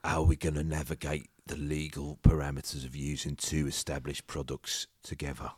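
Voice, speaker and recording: A man voicing a tough male investor with a put-on Cockney accent and a gruff, lowered voice. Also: monotone, fairly quick, darkish tone, no room sound, studio quality. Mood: swaggering.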